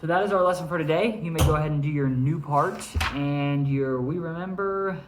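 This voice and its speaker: A man's voice: a little high, fairly quick, reverberant, music in the background. A male teacher reading a poem aloud and then explaining how to read poetry, checking in often with "all right?". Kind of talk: recorded classroom lesson, reading poetry aloud.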